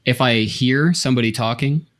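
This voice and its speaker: A man's voice: mid-range voice, normal speed, a bit bright. A man co-hosting a podcast, explaining his thoughts at length in casual chat. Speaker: podcast co-host.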